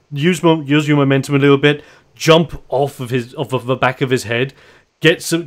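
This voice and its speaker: A man running a tabletop wrestling role-playing game, narrating moves with lively announcer flair and frequent laughs. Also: medium pitch. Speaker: game master.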